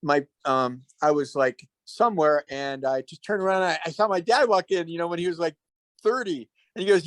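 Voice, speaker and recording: Male host, reflective and earnest, slightly higher voice, dry sound. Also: no room sound. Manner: earnest and reflective, with many halting restarts. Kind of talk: casual talk.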